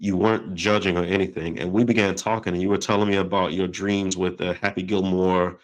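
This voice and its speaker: A man hosting an interview, telling a story in a lively, conversational way and acting out the quoted voices. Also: deep voice, brisk, low-quality recording. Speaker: podcast host.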